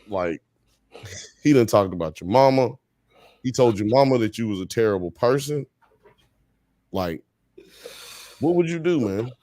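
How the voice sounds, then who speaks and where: A man in casual podcast chat, loose and slangy, who keeps pressing with rhetorical questions. His voice sits at an ordinary middle pitch. It comes through a close, dry mic with no room sound. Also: animated, a little slow, long pauses, warm tone, dry recording. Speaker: podcast co-host. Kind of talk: casual chat on a live stream.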